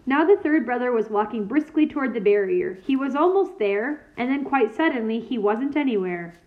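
A woman reading a children's novel aloud in a steady, clear storytelling manner. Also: a little high, moderate pace. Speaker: reader. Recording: tinny phone-like sound.

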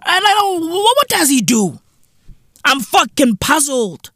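A South African man riffs through a comedic podcast rant, his voice bright and sharp. He drags out words slowly, then leaps way up in pitch to mock and exclaim. The sound is close and dry, with no room around it. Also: no room sound. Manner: animated, profane, mocking, big swings up into high exclaims. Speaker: podcast host.

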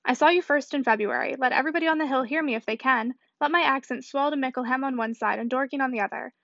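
A gallant young gentleman full of teasing impudence, read by a woman. The voice stays high. The recording is dry and muffled. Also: quick pace, creaky, no echo. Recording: dull dry audiobook recording.

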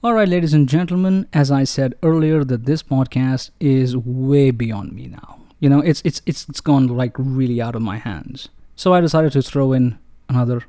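This playful, self-mocking man has a very dark yet mid-range voice, talking at normal speed with few pauses as he reviews microphones in a casual monologue, often calling out "ladies and gentlemen." He's recorded about three inches from close-up dynamic mics, in studio quality with no room sound.

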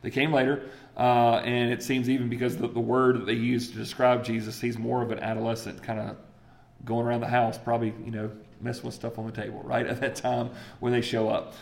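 A man's voice: mid-range voice, brisk, vocal fry. A man preaching a sermon in a casual, conversational way, acting out voices and checking in with the congregation. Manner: conversational and animated, acts out voices, asks the crowd "right?". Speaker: pastor.

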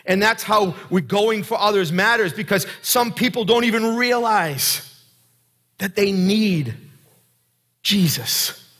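Man, pastor, sermon, high voice, bright husky tone, earnest, conversational, asks the congregation questions. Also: slow.

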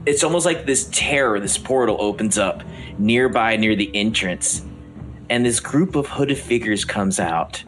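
A man narrating a tabletop game as game master, a lively storyteller who often restarts his sentences. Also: on the low side, a little slow, low-quality recording. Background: background music.

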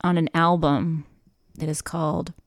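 Gravelly low-voiced woman co-hosting radio. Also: little pitch movement, measured pace, dry recording, studio quality. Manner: playful, giggly, quizzing. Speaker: radio co-host. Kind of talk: casual on-air banter. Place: radio studio. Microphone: studio microphone.

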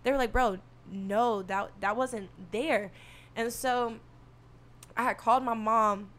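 A soft-spoken young woman telling a story in casual talk, animated and profane, acting out what people said. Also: fairly high pitch, takes it slowly. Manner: animated, swearing, acts out quotes.

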